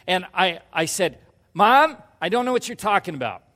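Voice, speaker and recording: A man preaching a sermon, telling a personal story and acting out quoted lines in a hushed voice before pushing to loud emphasis. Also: high-pitched, very animated, moderate pace, in a large hall. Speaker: pastor.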